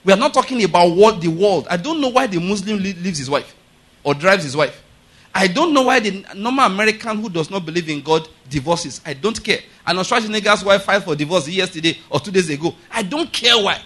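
Forceful high-voiced male preacher. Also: lively intonation, a little fast. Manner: emphatic, repeats rhetorical questions to the congregation; rises to loud forceful preaching. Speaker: pastor. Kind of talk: sermon.

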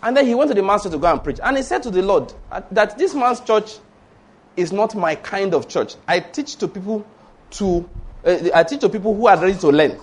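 High-pitched guy preaching, emphatic, tells stories, asks the crowd questions. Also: sing-song, brisk. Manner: storytelling, emphatic, rhetorical questions. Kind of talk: sermon.

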